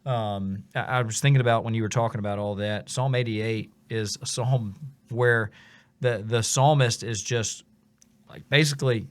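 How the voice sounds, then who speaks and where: A man's voice: lowish voice, steady tone, moderate pace. A man hosting a casual faith discussion, earnest and reflective, often restarting his sentences.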